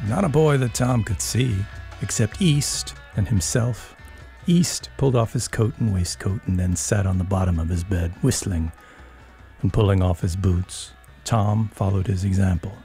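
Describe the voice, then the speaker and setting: A man reading a story aloud in a measured, expressive narrating voice. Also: on the low side, vocal fry, soft background music.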